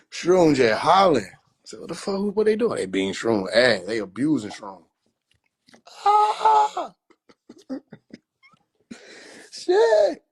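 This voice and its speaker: A man's voice: mid-range voice, breathy edge. A man chatting casually on a phone livestream, loose and profane, laughing often. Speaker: livestream host.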